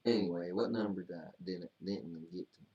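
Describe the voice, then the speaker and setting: A man co-hosting a casual show, reading out listener comments slowly and often laughing along. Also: low-pitched, warm tone, lo-fi sound. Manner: slow, laughs while reading. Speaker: co-host. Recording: echoey room, far from mic.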